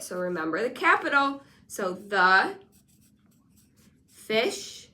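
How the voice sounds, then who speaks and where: A woman teaching a one-on-one spelling lesson, patient and encouraging, sounding out letters slowly. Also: medium pitch, bright, forceful tone. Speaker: reading teacher.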